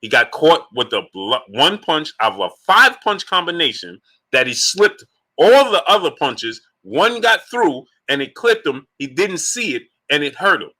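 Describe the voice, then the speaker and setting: Animated man hosting a sports stream. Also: on the high side, moderate pace. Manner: animated, rhetorical, repeats points emphatically; shouts out chat viewers between points. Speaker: host of a live-streamed sports talk show. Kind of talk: live-stream commentary greeting chat.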